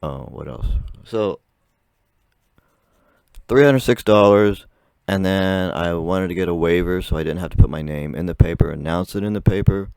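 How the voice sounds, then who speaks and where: A man's voice: sits low, moderate pace, vocal fry, a little mellow, smooth, dry recording. A young man whose voice still cracks, telling a rambling story to camera with frequent laughs. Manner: chatty, rambling, laughs often. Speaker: vlogger.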